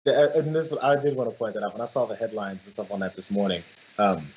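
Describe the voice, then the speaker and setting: A man's voice: lowish voice, quick pace, a little mellow, a little hiss or hum. A man co-hosting a political commentary show, talking emphatically and often restarting his phrases. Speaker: co-host. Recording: dull lo-fi sound.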